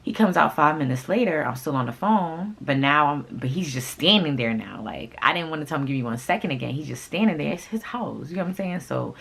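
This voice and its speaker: A young woman whose first language is Haitian Creole, telling a personal story in a casual, animated way, with sudden loud outbursts and asides to viewers. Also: low voice, a little fast, vocal fry, hardly any pauses, slightly rough. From Haitian family. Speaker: vlogger.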